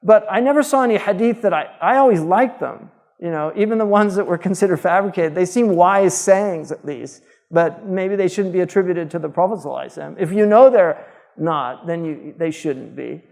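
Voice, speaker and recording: A man's voice: sits high, a little fast, gravelly, a little mellow, long reverb tail. A man, a scholar, giving an informal lecture in a conversational, digressive way with frequent fillers. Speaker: Islamic scholar teaching.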